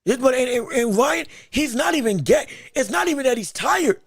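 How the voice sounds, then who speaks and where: Brief: high-pitched husky male host, strained voice, excitable live fight commentary. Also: normal speed, dry recording, studio quality. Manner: shouts encouragement at fighters, excitable and emphatic. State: straining his voice. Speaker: podcast host.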